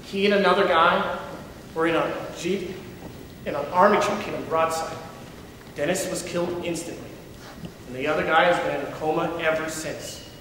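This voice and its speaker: A young man giving a dramatic first-person story reading, reflective and measured, performed live in a large hall. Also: on the high side, steady tone, fairly bright tone, slight background noise. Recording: echoey hall from far off.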